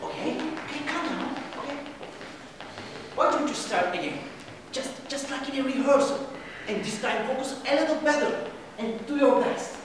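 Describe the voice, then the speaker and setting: A woman's voice: sits high, lively intonation, moderate pace. A woman playing a prim, preachy actress. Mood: patronizing. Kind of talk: amateur stage play. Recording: echoey hall from far off, noisy.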